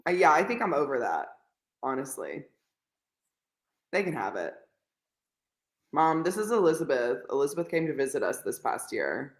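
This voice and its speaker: A woman's voice: deep voice, sing-song, moderate pace, long pauses. A woman co-hosting a casual reading livestream, chatty and rambling, often quoting people in put-on voices. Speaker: podcast co-host. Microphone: video call. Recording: echoey room on a laggy video call.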